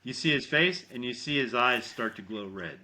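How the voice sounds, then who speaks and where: Bright-voiced swearing podcast co-host. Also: male voice, medium pitch, normal speed. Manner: animated storyteller, heavy swearing, acts out lines. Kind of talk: casual movie recap chat.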